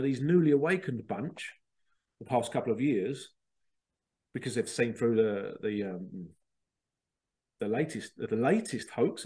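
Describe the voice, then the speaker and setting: This mellow, medium-pitched male voice belongs to a podcast host. He wanders off on tangents in a casual monologue and imitates others in silly voices to mock them.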